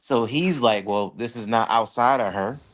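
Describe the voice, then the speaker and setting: A man's voice: medium pitch, normal speed. A man co-hosting a casual reaction chat, laying out his reasoning bluntly and matter-of-factly. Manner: lays out long reasoning, blunt and matter-of-fact. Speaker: reaction show co-host.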